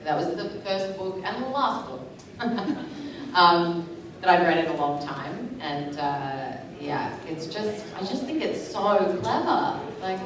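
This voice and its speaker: A woman in her thirties, an actress on a convention panel, chatting in a laughing, self-deprecating way. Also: low-pitched. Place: large convention hall. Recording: echoey hall, distant mic, crowd behind.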